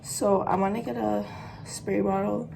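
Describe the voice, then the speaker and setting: A woman's voice: mid-range voice, level tone, unhurried, gravelly, noisy background. A young woman chatting casually to her camera as a vlogger, giggly and full of fillers, with a stuffy nose from allergies. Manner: giggly, talks with lots of fillers. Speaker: vlogger pranking her boyfriend.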